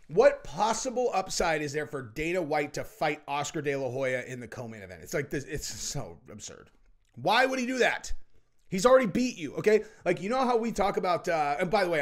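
Rambling, emphatic man with a raised voice. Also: fairly high pitch. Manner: rambling, emphatic, restarts often. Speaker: show host. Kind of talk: casual opinion commentary.

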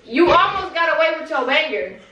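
Prankster wife, high voice, recorded far off in a roomy space. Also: female voice, very animated, a little fast, sharp tone, muffled recording. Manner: teasing, giggly. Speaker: wife vlogger. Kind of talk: casual prank vlog. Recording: echoey room from a distance, music.

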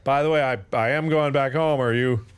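A man in his thirties streaming a game, bantering and teasing his co-player with loud outbursts. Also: medium pitch, steady tone, brisk, background noise. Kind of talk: casual gaming banter.

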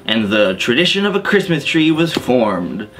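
A man's voice: medium pitch, sing-song, normal speed, fairly bright tone, faint music behind. A man hosting a comedy history show as a mock expert, rambling and getting tipsy on wine as he goes. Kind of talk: deadpan comedic monologue.

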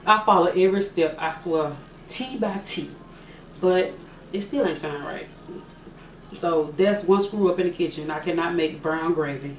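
At a normal speed and fairly low pitch, a young woman casually responds to questions for her vlog, joking and pondering out loud. The audio is echoey with faint hiss, the mic set at a distance.

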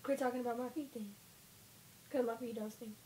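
A woman's voice: a little high, steady tone, fairly quick, dark tone, slight background noise. A young adult woman, the vlogger's girlfriend, insisting and defending herself in casual talk. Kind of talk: casual chat.

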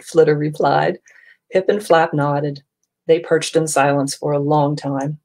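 A woman reading a children's picture book aloud at story time, gentle and friendly. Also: sits low, steady tone, measured pace. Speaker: storytime reader.

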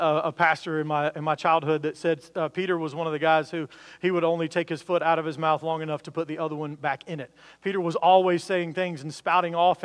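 A man's voice: a little high, fairly bright tone, big-room sound. A man preaching a sermon, talking earnestly with frequent restarts and building emphasis. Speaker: pastor.

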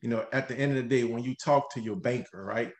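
A mid-pitched man hosts a radio show as a mortgage lender. He explains things in an energetic, step-by-step way and keeps checking in with the listener. The sound is roomy, with echo from the studio around him. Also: fast. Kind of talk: conversational radio show talk.

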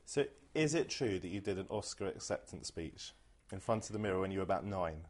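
A man interviewing a guest with quick-fire questions, teasing and brisk. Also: low-pitched, expressive.

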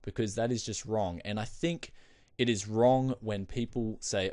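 A man's voice: lowish voice, unhurried, dry recording, clean studio sound. Chatty young man hosting a tech vlog. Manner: chatty, addresses viewers as "guys", animated asides. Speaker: tech video host. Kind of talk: casual explanatory vlog.

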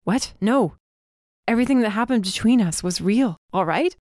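A woman voicing a guarded, blunt young man who works as an undercover bodyguard, in a low, clipped, stubborn way. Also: expressive, moderate pace, a little mellow, dry recording, clean studio sound, lightly acted. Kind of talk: audiobook character voice.

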